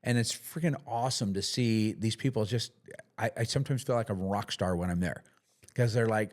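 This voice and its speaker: A man's voice: fairly low pitch, a little fast. A middle-aged man talking casually as a podcast guest, plain-spoken, with lots of fillers and restarts. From United States. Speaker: podcast guest, business owner. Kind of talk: casual interview talk.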